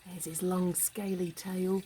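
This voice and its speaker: A woman reading a picture book aloud to children, animated, with gasps, hushed asides and questions to the listener. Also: lowish voice, slow pace, a little hiss or hum, poor audio. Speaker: storybook reader.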